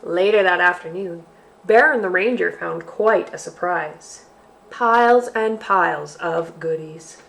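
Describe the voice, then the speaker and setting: A woman hosting a library storytime for children, reading a picture book aloud in an expressive, sing-song way. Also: fairly low pitch, measured pace, creaky.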